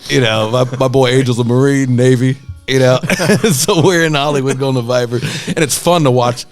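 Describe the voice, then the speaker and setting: Guy hosting a podcast, swearing and laughing through a rant, does little voices for people in his stories, normal pitch, faint music under it. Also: steady tone, normal speed. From Southern California. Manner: profane, laughing, acts out quoted voices. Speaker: podcast host. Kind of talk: casual comedic rant.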